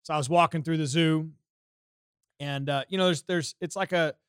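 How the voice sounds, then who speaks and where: Profane, heated American podcast host. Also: male voice, on the high side, fairly even intonation, normal speed, clear, resonant tone, dry recording, clean studio sound. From United States. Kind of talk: casual podcast storytelling.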